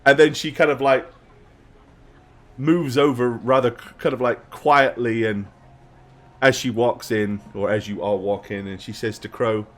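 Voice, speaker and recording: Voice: mid-range voice, measured pace. A game master narrating a tabletop game, giggly and full of fillers. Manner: giggly, lively, many fillers.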